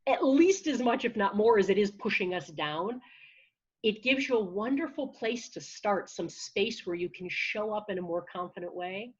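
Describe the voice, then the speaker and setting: A woman who works as a confidence and public speaking coach, talking in an energetic, encouraging way with frequent restarts, heard over a video call. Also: medium pitch, moderate pace, breathy edge, highs cut off. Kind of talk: conversational interview answer.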